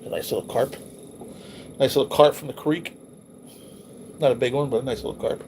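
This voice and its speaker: A man's voice: mid-range voice, steady tone, fairly quick, darkish tone, slight background noise. A man hosting a livestream, reminiscing casually over old photos in a loose, rambling, profane way. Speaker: livestream host.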